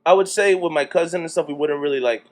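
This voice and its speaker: A man from New Jersey talks fast as a podcast guest. He tells stories in a casual, rapid flow and acts out quoted exchanges in his own voice. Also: on the high side, darkish tone. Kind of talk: casual chat.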